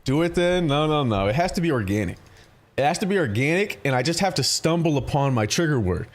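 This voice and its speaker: A male streamer chatting casually on a live stream, his voice sitting a bit high for a man. He rambles through profane stories and breaks into laughter often. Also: sing-song, fast. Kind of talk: casual livestream chat with viewers.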